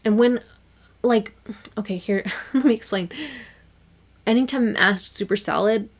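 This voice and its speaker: A young woman hosting her own podcast, chatting casually and animatedly with lots of fillers and quick laughs. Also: mid-range voice. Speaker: podcast host. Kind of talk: casual solo podcast chat.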